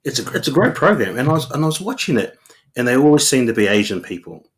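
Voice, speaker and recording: A man's voice: medium pitch, big pitch swings, quick pace. A man, a guest comedian rambling through anecdotes in casual chat. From New Zealand. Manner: rambling anecdotes, acts out quotes.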